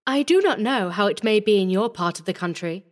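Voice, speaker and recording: Man doing a haughty young noblewoman, high airy voice, cool mocking tone. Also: normal speed. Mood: aloof. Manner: cool, ironic, feigned innocence.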